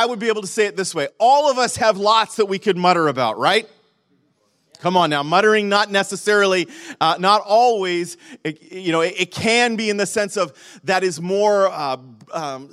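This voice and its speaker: High-voiced man preaching conversationally. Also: fairly bright tone. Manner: conversational preaching with frequent restarts and rhetorical questions. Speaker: pastor. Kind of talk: sermon.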